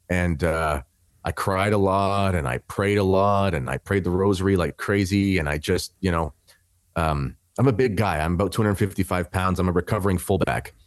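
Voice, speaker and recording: Deep-voiced man telling his story. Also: no room sound. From Canada. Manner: rambling, many restarts and fillers. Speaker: podcast guest. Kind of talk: conversational storytelling.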